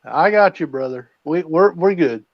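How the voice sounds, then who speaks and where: A man co-hosting a casual livestream, calmly reassuring a friend and laughing a lot. His voice sits a little high, and the sound is dull and lo-fi. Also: moderate pace, no room sound. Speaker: co-host.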